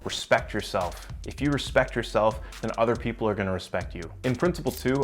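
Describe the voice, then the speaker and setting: A young man with a lowish voice coaches the viewer in a casual vlog. He talks bluntly and with emphasis, and drops in the odd swear word. Soft music plays faintly underneath. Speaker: self-improvement vlogger.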